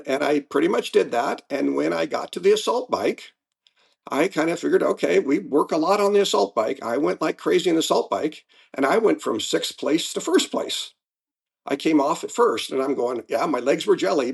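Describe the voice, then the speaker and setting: A man in his seventies, a guest athlete in a casual interview, telling his stories in a lively way and acting out moments. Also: on the high side, normal speed, gravelly, breathy edge. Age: 70s. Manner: lively storyteller, acts out race moments.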